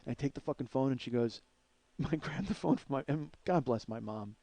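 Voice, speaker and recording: A man's voice: mid-range voice, lively intonation, brisk, dry recording. A middle-aged man telling a heated personal story as a podcast host, swearing constantly and acting out the quotes in it. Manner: profane, heated, acts out quotes loudly. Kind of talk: storytelling monologue.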